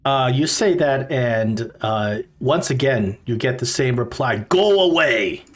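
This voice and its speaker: A man running a tabletop game, describing scenes in a loose, rambling way with plenty of fillers. His voice sits at an ordinary middle pitch. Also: unhurried. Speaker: game master.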